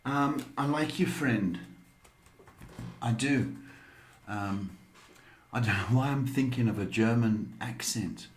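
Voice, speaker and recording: A man's voice: medium pitch, slow pace, long pauses, roomy sound, a little hiss or hum. A man giving psychic readings on a live stream, talking with many hesitant ums. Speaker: psychic reader.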